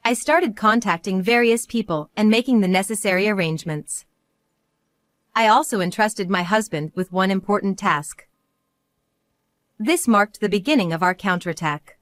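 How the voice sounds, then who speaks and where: A middle-aged woman narrating a scripted first-person story at a mid pitch, calm and resolute. Her delivery is measured and the sound is dry and close to the mic. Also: no echo.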